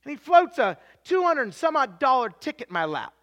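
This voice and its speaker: Bright high-voiced preacher in his forties. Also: brisk. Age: 40s. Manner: animated storytelling with many restarts, dropping to a hushed tone for confession. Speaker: pastor. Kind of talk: sermon.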